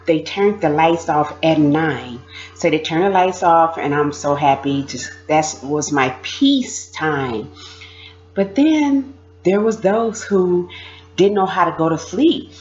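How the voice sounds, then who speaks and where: Low-voiced woman telling her story, lo-fi. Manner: animated, mimics voices, laughs while telling. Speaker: former prisoner sharing experiences. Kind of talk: casual storytelling to camera.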